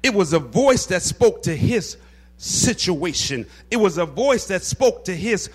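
A man preaching a sermon who builds to shouted, half-sung cadences and drops back to quiet, gravelly asides. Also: high voice, very animated, unhurried. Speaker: pastor.

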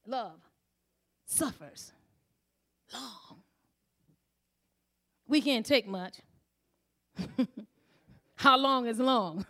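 A woman's voice: on the high side, fairly bright tone. A middle-aged woman giving a sermon full of personal stories, laughing often and acting out the voices in her quotes. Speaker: church speaker.

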